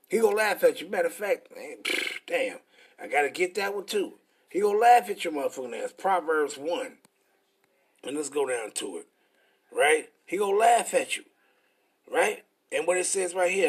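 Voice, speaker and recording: A man preaching in a combative, profane style, reading scripture slowly between angry asides. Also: on the high side, breathy edge.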